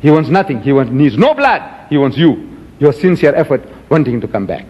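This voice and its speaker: A man's voice: mid-range voice, very animated, fairly quick, slightly rough. A man giving an emphatic religious lecture to an audience, quoting scripture with dramatic swings in his voice. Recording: dull lo-fi archive recording in a reverberant hall.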